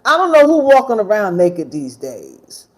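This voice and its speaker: Animated, blunt woman ranting outdoors. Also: medium pitch, moderate pace. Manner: blunt, animated, swearing freely. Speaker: vlogger. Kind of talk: casual storytime rant. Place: outdoors in the sun.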